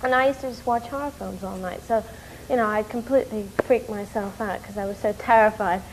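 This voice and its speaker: A woman from New York telling a story in an interview, animated and rushing, with many fillers. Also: mid-range voice, slight background noise, rough recording. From New York, USA. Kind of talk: casual storytelling.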